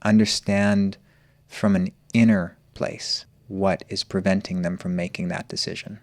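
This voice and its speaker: A man's voice: deep voice, little pitch movement, darkish tone, no room sound. A man telling his personal story as a podcast guest, earnest and searching. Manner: earnest, open, slow and searching.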